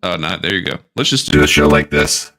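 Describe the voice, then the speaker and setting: A man with a very deep, bright, forceful voice co-hosts a podcast over a home microphone on a call. His speech is brisk and creaky with lively intonation as he casually chats and jokingly teases his co-host.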